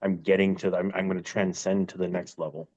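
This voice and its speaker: A man's voice: deep voice, little pitch movement, fast talker, darkish tone. A man co-hosting a podcast in casual chat, rambling loosely with lots of "like". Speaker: podcast co-host. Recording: dull lo-fi sound.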